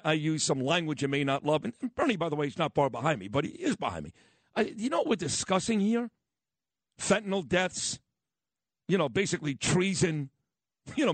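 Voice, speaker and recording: A man's voice: fairly high pitch, dry recording. A brash man with a New York accent holds forth on talk radio, his voice swinging widely up and down as he tells stories. He sounds blunt and unfiltered. The sound is close and dry, with no room around it. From Brooklyn. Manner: blunt, brash, animated storytelling. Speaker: radio host. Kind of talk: opinionated talk radio monologue.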